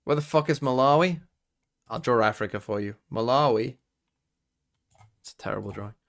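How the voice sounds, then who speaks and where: A man's voice: mid-range voice, moderate pace, fairly bright tone. Young British guy streaming, keyboard clicks behind, casual and sweary, thinks aloud. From Britain. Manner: swearing, quizzing himself aloud and talking to chat. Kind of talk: casual live-stream chat.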